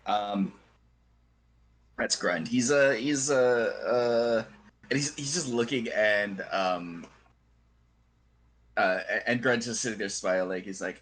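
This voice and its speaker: A game master narrating a tabletop game over an online call, a man with a low, husky voice. He talks slowly and stops often to think, filling the gaps with "uh" and "um". The sound comes through a home computer mic. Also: a bit bright, poor audio. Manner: halting, full of fillers.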